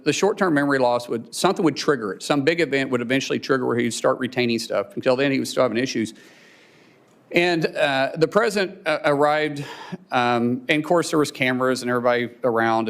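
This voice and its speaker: A man speaks at a hearing in a voice of average pitch, telling a personal story. He stumbles and repeats words and sounds close to tears. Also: vocal fry. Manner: halting, repeats words, chokes up. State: emotional, near tears. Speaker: nominee testifying at a hearing. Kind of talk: emotional personal testimony. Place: hearing room.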